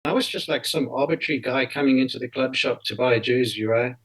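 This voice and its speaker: Telling a story as a guest in an interview, this fifties-aged South African man talks fast in a mid-range voice, keeping things casual and lively. He frequently adds "right?" to his sentences, and the recording quality is rough.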